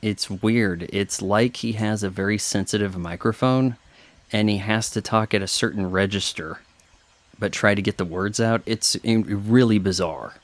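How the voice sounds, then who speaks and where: A man's voice: fairly low pitch, normal speed, no room sound. A man chatting casually through a film commentary, opinionated and thinking aloud with fillers. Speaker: commentary host.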